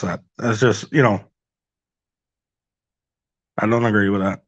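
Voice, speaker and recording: A man on a boxing panel, agreeable and hesitant, often filling pauses with "you know". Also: on the low side, fairly even intonation, breathy edge. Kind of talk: casual panel chat.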